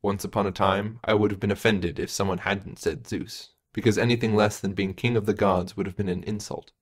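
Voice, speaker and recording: A tired, brooding man speaks in a low murmur, quiet and distracted, voiced by a male narrator. His words come hushed and heavy. It is read as part of a storybook. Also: fairly even intonation, a little fast, close to an everyday voice. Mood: wry.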